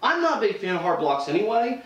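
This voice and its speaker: In a dull-sounding recording with roomy echo and a distant mic, a man with a high voice teaches self-defense at a quick, very animated pace. He stays casual, restarting often and acting out lines as he demonstrates.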